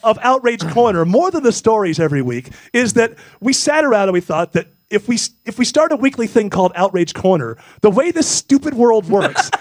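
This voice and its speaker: Lively high-voiced host. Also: male voice, no echo. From Memphis, US South. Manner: animated, self-mocking storyteller. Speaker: radio show host. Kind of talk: casual talk show banter.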